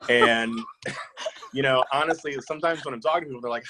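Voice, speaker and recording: A man's voice: mid-range voice, fairly quick, sharp tone, slight background noise, poor audio. A man in his thirties or forties, answering interview questions in a reflective, anecdotal way with many fillers and restarts. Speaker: author being interviewed.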